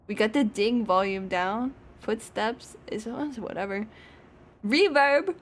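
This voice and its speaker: A young woman chatting through a game stream in a slightly high voice at an unhurried pace. She swears casually, laughs often and yelps when something startles her. It sounds like a desk microphone at home. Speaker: VTuber streamer. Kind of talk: casual gaming stream chat.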